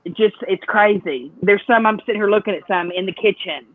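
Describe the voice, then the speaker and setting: A man calling in to a casual chat show, talking in a relaxed, chatty way. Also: high voice, a little fast, dry recording. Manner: relaxed, chatty, brief reactions. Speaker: caller. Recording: tinny dry phone line.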